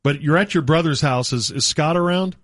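A man hosting a radio talk show, arguing his point in an animated, casual way. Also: on the high side, brisk, no echo, studio quality. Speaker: radio sports talk host. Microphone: studio mic.

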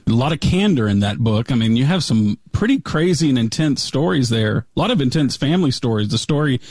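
A man interviewing a guest, asking questions in a curious, measured way. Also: medium pitch, expressive, darkish tone, dry recording, clean studio sound.

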